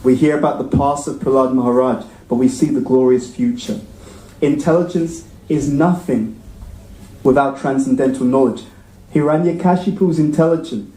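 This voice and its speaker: A man's voice: medium pitch, normal speed, mellow. Chatty man preaching in an echoey temple hall. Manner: engaging, asks the audience frequent questions. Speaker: temple class speaker. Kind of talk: conversational sermon.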